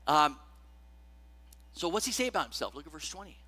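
The pastor's voice runs high, pushed and bright, with lively intonation, a moderate pace and long pauses. He delivers his sermon conversationally, regularly checking in with the congregation and reading scripture with rising emphasis.

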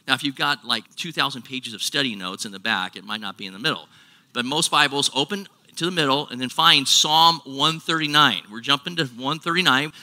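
A man's voice: medium pitch, a little fast, pushed and bright, long reverb tail. A man preaching a sermon to his congregation in a casual, conversational way, joking and asking them questions. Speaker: pastor.

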